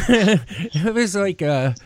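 A man's voice: high voice, expressive, extremely slow, dry recording. A man, hosting a podcast and telling a rambling, profane story. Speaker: podcast host. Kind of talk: casual chat.

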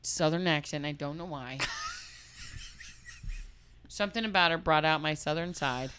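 A woman's voice: low-pitched, measured pace, fairly bright tone, a little hiss or hum. A woman co-hosting a podcast, reading a listener's story aloud and chatting frankly with lots of swearing. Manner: frank, profane, laughing. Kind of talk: casual comedic chat and story reading.

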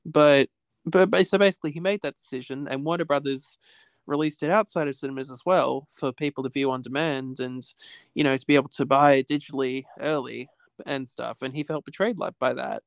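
Smooth-voiced man rambling. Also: mid-range voice, steady tone, brisk, no echo, studio quality. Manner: rambling, repeats "basically", restarts often. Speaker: podcast guest. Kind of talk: casual conversation. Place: home with cats.

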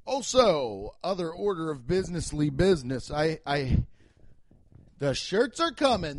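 A man's voice: a little high, big pitch swings, unhurried. A young man hosting a podcast in casual chat, rambling and interrupting himself, with frequent swearing. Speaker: podcast host and comedian.

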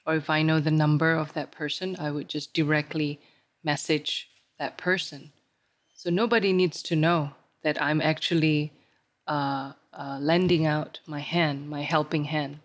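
A woman's voice: deep voice, measured pace. Woman telling stories in casual chat. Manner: storytelling, animated when quoting others. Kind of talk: casual conversation.

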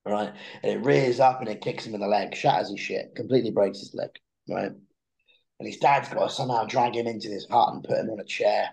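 A young man spins a long story in relaxed conversation, often doubling back on his words. His voice sits low and gravelly, with a mellow, dark tone. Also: fairly quick, low-quality recording. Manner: animated storyteller who repeats words when starting sentences. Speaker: podcast guest.

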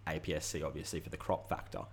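A young man, co-hosting a casual chat and ranting freely with swearing and animated asides. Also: a bass voice, very fast, breathy edge. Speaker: podcast co-host.

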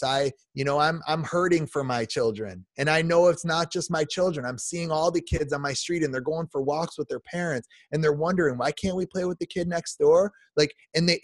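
A podcast guest in his forties, with a voice on the high side, delivers an emotional, heartfelt rant. He keeps restarting and repeating himself, often saying "man," and there's no room sound.

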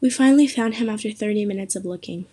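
A young woman reading her own spooky story aloud, lifting her voice for the quoted lines and dropping low and soft for the narration. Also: fast, slightly rough. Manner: reads quotes with more pitch and force, narration low and soft.

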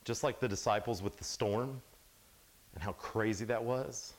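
A young adult man giving a casual, animated sermon at a youth camp, sometimes dropping to a hush. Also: lowish voice, normal speed, pauses often. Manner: casual, animated storytelling, drops to hushed tones.

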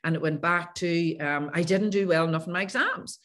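A woman's voice: lowish voice, brisk, fairly bright tone. A woman coach, a podcast guest telling her own stories with animation and acting out past conversations. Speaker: guest, coach who works with clients. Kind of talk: podcast interview storytelling.

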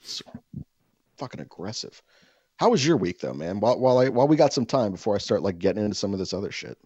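A man telling a rambling, profane story in casual podcast chat, exasperated and animated. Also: lowish voice, quick pace, slightly rough, no echo, highs cut off.

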